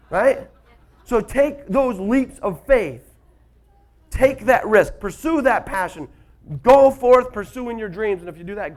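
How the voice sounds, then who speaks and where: A man giving a motivational workshop talk to a live audience, telling stories and asking the audience questions. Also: high voice. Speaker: motivational speaker.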